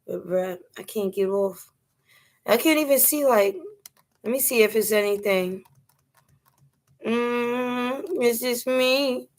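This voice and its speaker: A young woman with a New York accent chatting casually on a phone livestream, laughing often and dropping slang. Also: a little high. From New York City. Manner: unhurried, drawn-out talk with frequent laughter and slang. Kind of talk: casual live stream chat.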